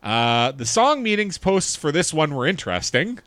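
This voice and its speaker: A man's voice: on the high side, big pitch swings, moderate pace, a bit bright, dry recording. A man co-hosting a podcast in casual chat, reading facts and chart lists aloud and chuckling along. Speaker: podcast co-host.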